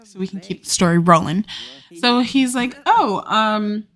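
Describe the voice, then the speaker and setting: Speaking into a desktop USB mic, a young woman hosts a laid-back let's play, chatting and making up stories for her characters as she goes. Her voice sits in the mid range, fairly bright, at a moderate pace.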